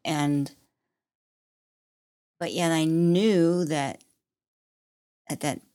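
A woman's voice: low-pitched, steady tone, drawn-out words, mellow, clear, resonant tone. A woman, an interview guest, answering reflectively with hesitant restarts.

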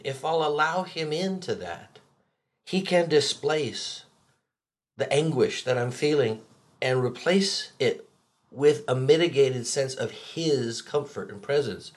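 A man reflects slowly on his faith, halting and repeating words as he works through his thoughts. His voice is a touch high for a man.

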